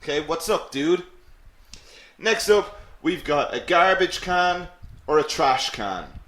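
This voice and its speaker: A man leads an English lesson in a slow, deliberate way, with a slightly raised pitch. He stays upbeat and encouraging and repeats key words. The room gives his voice a noticeable echo. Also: big pitch swings, fairly bright tone. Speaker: English teacher. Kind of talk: live online English lesson. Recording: roomy echo.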